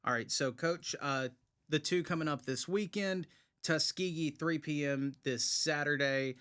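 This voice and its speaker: A man's voice: fairly high pitch, measured pace, pushed and bright, clean tone. A man hosting a sports show, asking a coach questions in a friendly, conversational way. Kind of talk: casual sports interview.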